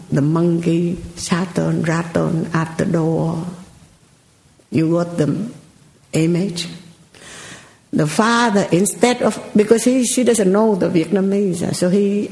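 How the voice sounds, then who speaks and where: Slow, deliberate woman teacher in an echoey room. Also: lowish voice, vocal fry, darkish tone. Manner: slow, repetitive phrasing with rhetorical questions. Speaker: Buddhist teacher. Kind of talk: storytelling sermon.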